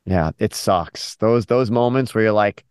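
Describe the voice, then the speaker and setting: Man, podcast co-host, casual chat, low voice, dry close sound. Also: a little slow, a little mellow, clean tone, no room sound.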